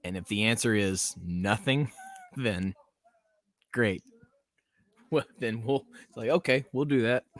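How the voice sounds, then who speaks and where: A man's voice: fairly low pitch, slow pace, pauses often, fairly bright tone, no echo. A man hosting a casual livestream podcast, rambling and chuckling as he talks to his chat. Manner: rambling, chuckling, self-interrupting. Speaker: podcast host.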